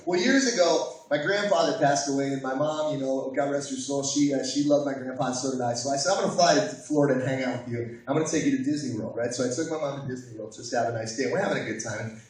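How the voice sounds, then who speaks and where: A man, a voice actor on a convention panel, telling a lively anecdote and acting out the voices of the people in it. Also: mid-range voice. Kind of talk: animated storytelling. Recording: echoey hall from far off, noisy.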